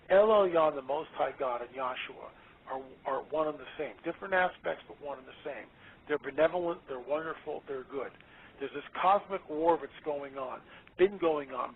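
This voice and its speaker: Man, fairly high voice, emphatic, excitable, radio interview guest, phone-line sound. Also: a little hiss or hum. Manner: emphatic, excitable, repeats words. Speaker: guest author.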